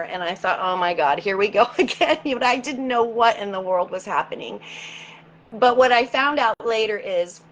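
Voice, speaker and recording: A woman's voice: mid-range voice, slight background noise, rough recording. Earnest woman recounting a personal experience. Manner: earnest, halting, repeats words as she recalls. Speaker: interview guest. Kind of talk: personal storytelling in a conversational interview.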